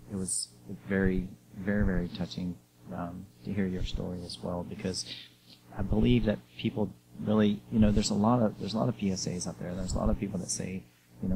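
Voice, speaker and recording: A man hosting an interview, speaking gently and sympathetically with many hesitations. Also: low voice. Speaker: host. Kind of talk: interview conversation. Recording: audible background noise.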